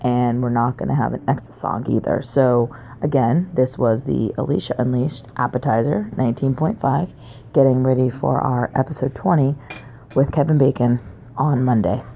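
A woman hosting a podcast, chatting casually and giggly with lots of fillers, her low sultry voice caught on a phone recorder in a mall restaurant. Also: moderate pace, vocal fry, mellow, slight background noise. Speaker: podcast host. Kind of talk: casual chat. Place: large booth in a busy mall restaurant. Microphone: phone voice recorder held up close.

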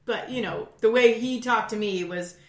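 A woman chatting casually about dating, telling animated stories full of quoted lines and swearing. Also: on the high side, moderate pace, reverberant.

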